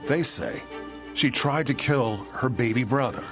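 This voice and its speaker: A man, a television correspondent, narrating a news feature in a grave, measured voice. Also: mid-range voice, music in the background. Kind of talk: broadcast report narration.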